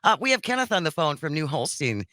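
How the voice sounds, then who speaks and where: A woman co-hosting a call-in radio talk show, lively and opinionated, quick to laugh. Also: low-pitched, dry recording, studio quality.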